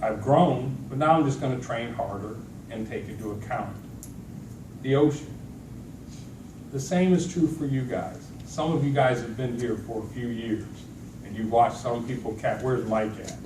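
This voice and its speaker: A man's voice: medium pitch, normal speed. A middle-aged man giving a storytelling talk to a conference audience, acting out the people in his stories. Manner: animated storytelling with acted-out quotes. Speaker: motivational speaker. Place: large event hall with an audience. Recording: echoey hall, distant mic, noisy.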